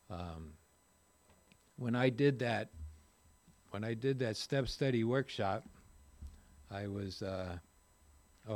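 An older man speaking at a recovery meeting, telling folksy, rambling stories with self-deprecating humor. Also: medium pitch. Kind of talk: personal recovery talk to a group.

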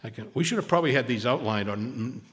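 A man's voice: medium pitch, expressive, fast, fairly bright tone, slight background noise. A man speaking at a recovery meeting, rambling and repeating himself, with self-mocking humor. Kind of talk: casual sharing talk. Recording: long reverb in a hall.

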